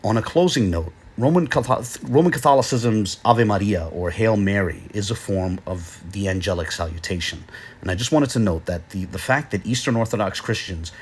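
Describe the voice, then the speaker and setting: Male lecturer-narrator, measured and explanatory, breathy lower voice, hesitant fillers. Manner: measured, explanatory, with frequent "uh" pauses. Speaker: video lecturer.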